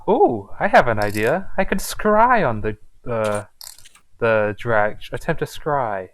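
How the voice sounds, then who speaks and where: A man's voice: medium pitch, sing-song, takes it slowly, fairly bright tone. A man chatting as a player in a tabletop game, eager with ideas. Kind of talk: casual tabletop game chat.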